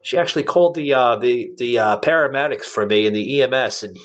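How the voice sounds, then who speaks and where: Middle-aged male podcast host, casual and rambling storyteller, medium pitch. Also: quick pace. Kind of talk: casual chat.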